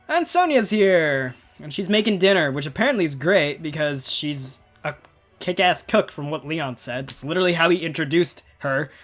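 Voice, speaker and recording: A gaming video creator in his twenties rambles casually through let's-play commentary, chatty and laughing often. His voice is a little high and animated, with a fairly bright tone at a normal speed. Faint music plays behind him.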